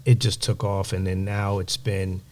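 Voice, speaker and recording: A man as a podcast guest, telling animated stories and giving emphatic motivational advice. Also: sits low, normal speed, a little hiss or hum. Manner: animated storyteller, acts out quoted voices. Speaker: guest, music executive. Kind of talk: storytelling in a podcast interview.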